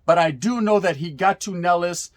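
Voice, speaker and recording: A man in his forties from California tells old street stories in a relaxed, slangy way, sprinkling in Spanish words and swearing freely. His voice sits a little higher than most men's. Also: normal speed. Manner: laid-back street slang with Spanish words mixed in, frequent profanity and "right?" tags. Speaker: storyteller recalling youth prison days. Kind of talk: casual storytelling.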